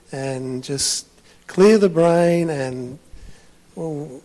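A man's voice: on the high side, takes it slowly, mellow, in a large hall. A man preaching a sermon, telling a story in a chatty way with frequent restarts.

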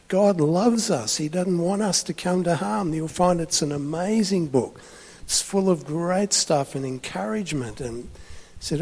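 A man's voice: fairly high pitch, moderate pace, darkish tone, husky, long reverb tail. A man preaching a sermon, telling a story in a chatty way with frequent restarts.

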